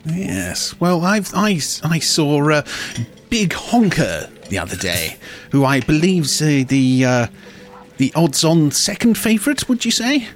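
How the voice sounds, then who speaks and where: A man at a tabletop game, joking and halting as he talks in character. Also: a little high, sing-song. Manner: jokey, halting. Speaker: player.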